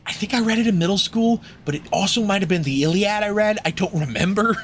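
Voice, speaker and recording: Talking fast in a high voice, a young podcast co-host chats casually through a film review, rambling, cracking jokes, and cursing. The recording has a little hiss or hum.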